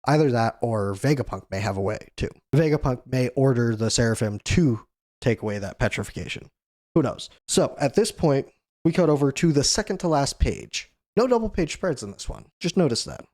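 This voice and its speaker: A man's voice: mid-range voice, lively intonation, normal speed, a little mellow, no room sound, clean studio sound. Man casually recapping a comic chapter. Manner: conversational, many "you know" fillers, briefly voices quoted characters. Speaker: manga discussion show host.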